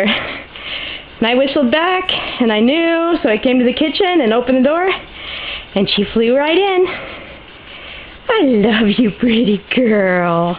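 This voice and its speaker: A woman's voice: sits high, lo-fi sound, slight background noise. A woman filming her pet parrot at home, out of breath and cooing at the bird in affectionate baby talk. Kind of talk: casual home video talk. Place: home garden and kitchen in the rainforest. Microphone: handheld camera mic.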